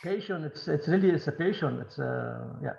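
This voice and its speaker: Kurdish-native man, high voice, keeps restarting his words, echoey muffled audio. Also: expressive, vocal fry, a little mellow. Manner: halting, many repeated words and restarts. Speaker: film director. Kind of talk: Q&A interview.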